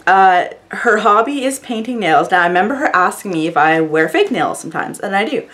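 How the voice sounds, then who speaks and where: Gushing woman vlogger with lively pitch. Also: brisk. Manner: gushing, effusive; chatty, rambling with fillers. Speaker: beauty vlogger opening fan mail. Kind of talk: casual chat to camera.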